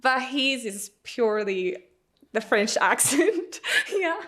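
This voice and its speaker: Young woman, Moroccan accent, student guest; lively and chatty. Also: on the high side, takes it slowly. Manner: lively and laughing often. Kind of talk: casual interview.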